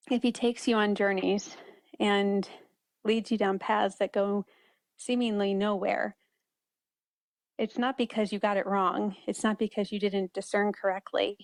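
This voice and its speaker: A woman's voice: mid-range voice, vocal fry, dry recording, studio quality. A woman guest author speaking earnestly and reflectively in an interview, often restarting her sentences. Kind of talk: conversational interview.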